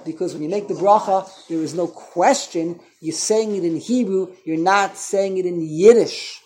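A man's voice: high-pitched, moderate pace, a little mellow. A man teaching an informal Torah class, conversational, quizzing his listeners and correcting himself as he goes.

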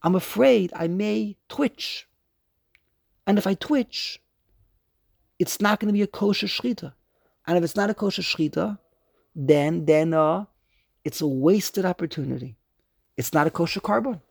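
A man puts on an earnest young man pleading with his father, his voice lifted a little higher than usual and edged with gravel. The sound is close and dry. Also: normal speed, pauses often, no room sound, full character voice. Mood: anxious.

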